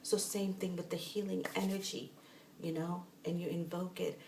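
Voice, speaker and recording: Gravelly-voiced woman teaching spiritual practice. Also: on the low side, level tone, moderate pace. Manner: rambling, restarting sentences. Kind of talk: casual guided instruction. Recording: roomy echo, mic at a distance, faint noise.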